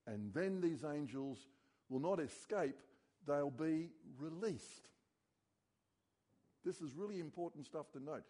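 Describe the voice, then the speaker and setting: Mellow-voiced preacher. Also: male voice, lively intonation, takes it slowly, long pauses. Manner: earnest preaching, drops low and quiet on key words. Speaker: pastor. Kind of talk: sermon.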